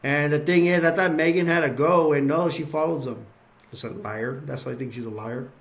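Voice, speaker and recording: A man's voice: fairly high pitch, a little fast, a bit bright. A man casually recapping a film's scenes, rambling and repeating himself as he acts bits out. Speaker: movie reviewer.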